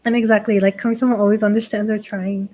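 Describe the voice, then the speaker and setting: A woman's voice: mid-range voice, flat delivery, fast talker, dark tone, rough recording. A woman who is a Shinto priestess, hosting a casual livestream chat and explaining chanting to her viewers in a chatty, reassuring way, full of "like" fillers and light laughs. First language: not Japanese. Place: lives in Japan.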